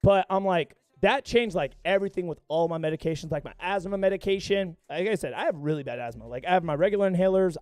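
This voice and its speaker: A man's voice: sits high, no room sound. A young man streaming live, chatting casually with viewers and telling a rambling story full of profanity. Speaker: gaming livestreamer.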